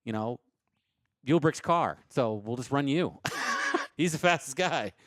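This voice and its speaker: A man's voice: medium pitch, animated, slow pace, a bit bright, no echo. A man speaking as a racer guest on a live studio show, talking bluntly and casually with some swearing.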